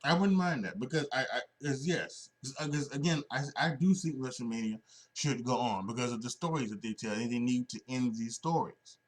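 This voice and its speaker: A man hosts his own wrestling podcast, talking off the cuff with lots of fillers and false starts. He sounds a bit sleepy, and his voice sits at an ordinary middle pitch. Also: animated, fairly quick. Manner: rambling, many restarts and fillers. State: sleepy, yawning. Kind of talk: casual solo podcast talk.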